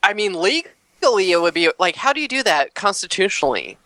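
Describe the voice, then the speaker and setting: A man's voice: sits high, big pitch swings, fairly quick, pushed and bright, dry recording, low-quality recording. A man co-hosting a casual talk show, giving dry, matter-of-fact opinions. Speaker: podcast co-host. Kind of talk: casual chat.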